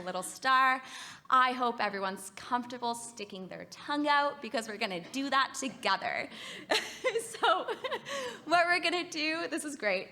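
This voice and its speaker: A Canadian woman talks to a conference audience about music therapy. Her voice is bright and forceful. She is upbeat and encouraging as she leads the room through simple exercises. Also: fairly high pitch. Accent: Canadian English. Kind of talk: conference presentation. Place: conference hall.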